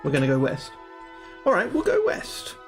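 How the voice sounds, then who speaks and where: A man reads the passages of a fantasy gamebook aloud, then drops into casual, profane chatter with his stream audience. His voice sits a little high for a man. Soft music plays quietly underneath. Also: huge pitch swings, normal speed. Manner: chatty, swears freely, talks to his viewers. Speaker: livestreamer playing a solo gamebook.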